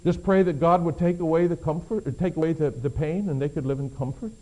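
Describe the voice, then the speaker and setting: A man preaching a sermon, shifting between hushed low passages and emphatic raised appeals. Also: fast, rough recording. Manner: dramatic, swings from hushed to emphatic. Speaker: pastor.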